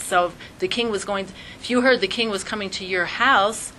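Woman teacher, bright tone, lively acted-out examples, faint hiss behind. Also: mid-range voice, fairly quick, rough recording. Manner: animated, acts out little scenes in quoted voices. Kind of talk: Jewish studies class lesson.

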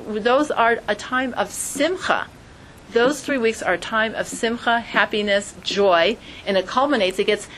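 A woman teaching an informal Torah class, lively, acting out quoted voices in a sudden high pitch. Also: slight background noise, rough recording.

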